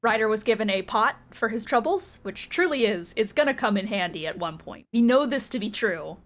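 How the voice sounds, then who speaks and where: A woman's voice: a little high, lively intonation, brisk. Giggly, foul-mouthed woman game master. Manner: casual and giggly, swears freely. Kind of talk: casual recap, then descriptive game narration.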